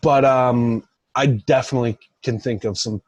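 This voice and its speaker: A man's voice: medium pitch, steady tone, normal speed, darkish tone, no room sound, lo-fi sound. A young man co-hosting a podcast in casual chat, rambling with lots of fillers and "like"s. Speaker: podcast co-host.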